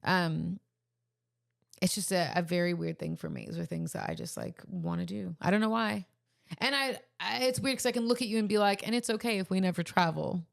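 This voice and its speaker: A woman's voice: on the low side, fairly quick, creaky, dry recording, clean studio sound. A woman in her thirties co-hosting a casual podcast chat, earnest and a little emotional, hesitating with ums. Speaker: podcast co-host.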